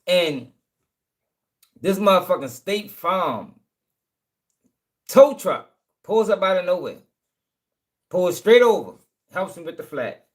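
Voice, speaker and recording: A man's voice: high voice, animated, slow pace, pauses often. Profane man telling a story. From Baltimore, USA. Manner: profane, rambling, with repeated check-ins to listeners. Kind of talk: casual storytelling.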